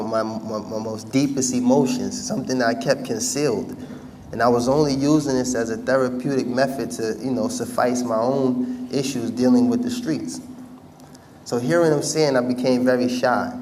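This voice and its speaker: A man's voice: medium pitch, a little mellow. A man telling his life story to an audience in casual, conversational speech with street slang. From United States. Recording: distant mic with faint background noise.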